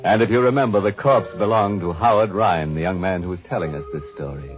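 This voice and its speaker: A man's voice: low-pitched, fairly quick, close to an everyday voice. An actor playing a sardonic male horror host who relishes the macabre, in a 1940s radio drama. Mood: mocking. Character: ghoulish male horror host, mocking and grim. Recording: dull old radio recording with music.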